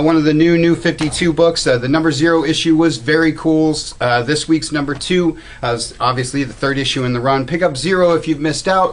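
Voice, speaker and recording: A man hosting a weekly new-release rundown for his comic book store, upbeat and enthusiastic, with frequent "uh" fillers. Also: mid-range voice. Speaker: comic shop host.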